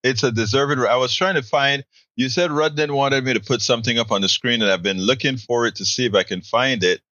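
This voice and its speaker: A man's voice: medium pitch, brisk, pushed and bright, no echo, dull audio. A man hosting a political talk show, chatty and upbeat as he reads viewer comments. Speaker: host.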